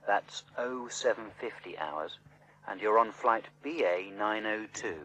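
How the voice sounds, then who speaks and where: An actor playing an efficient travel agent reading out flight details, in a scripted textbook dialogue. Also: male voice, lowish voice, unhurried, pushed and bright, low-quality recording. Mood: businesslike. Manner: clear, businesslike.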